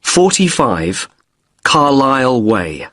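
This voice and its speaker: A man playing a polite hotel guest in a scripted exam dialogue, spelling out letters slowly and deliberately. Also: medium pitch, sing-song, fairly bright tone, dry recording, exaggerated voice. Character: polite British man with broken wrist checking in.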